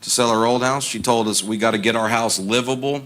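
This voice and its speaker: A man doing stand-up comedy, telling self-deprecating stories in a deadpan way and acting out other people's lines. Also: medium pitch, brisk. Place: theater stage with a laughing audience. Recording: live show with audible audience noise.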